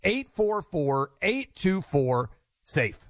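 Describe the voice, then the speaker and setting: A man's voice: a little high, very animated, slow, dry recording, studio quality. A man co-hosting a talk radio show, reading a sponsor ad live in an upbeat, salesy way. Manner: salesy, slightly breathless. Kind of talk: live-read radio advertisement.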